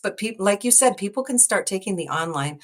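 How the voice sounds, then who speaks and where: A woman's voice: mid-range voice, animated, brisk. A woman in her sixties with an American accent, a midwife talking casually as an interview guest, rambling and laughing often. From United States. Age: 60s.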